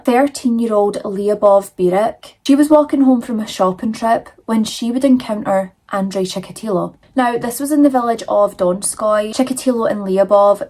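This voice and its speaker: A woman's voice: mid-range voice, darkish tone. A woman telling true crime stories in a chatty, dramatic way with frequent fillers, talking casually while she does her makeup and feels cold.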